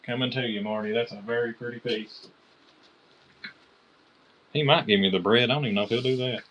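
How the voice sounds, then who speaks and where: A man with a Kentucky accent selling knives on a live-stream auction, chatty and excited, calling out bidders by name. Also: medium pitch, fairly quick, highs cut off.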